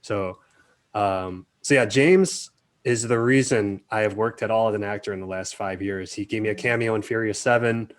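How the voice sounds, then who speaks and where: A man being interviewed as a film director, talking casually and acting out quotes in animated stories. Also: on the low side, moderate pace. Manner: animated storyteller, acts out quotes.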